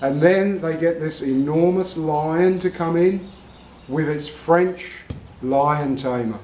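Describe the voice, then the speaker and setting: An Australian man and regular vlogger, telling a long, rambling anecdote to camera in a meandering, unhurried way. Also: fairly high pitch, darkish tone, slight background noise. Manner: slow, meandering storyteller. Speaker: vlogger, horse owner. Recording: roomy echo, from far off the mic.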